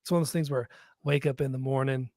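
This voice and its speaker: A man's voice: medium pitch, fairly even intonation, quick pace, darkish tone, dry recording, studio quality. A man co-hosting a live podcast, chatting casually and joking with plenty of swearing. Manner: profane, rambling, joking. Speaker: podcast co-host.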